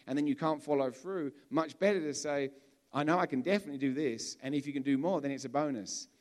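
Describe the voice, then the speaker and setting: A man from England gives a sermon in a loose, talkative manner, circling back and repeating himself as he works through a point. His voice sits a touch higher than most men's, and he speaks as if to a congregation in a church hall. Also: expressive, fast, darkish tone. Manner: conversational, with frequent restarts and repeated words. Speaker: preacher.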